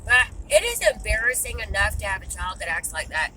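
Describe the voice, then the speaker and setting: A woman's voice: medium pitch, big pitch swings, brisk, bright, forceful tone, a little hiss or hum, rough recording. A woman, venting to camera in a blunt, exasperated way and swearing freely. She sounds frustrated. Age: 30s. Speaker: vlogger and mother.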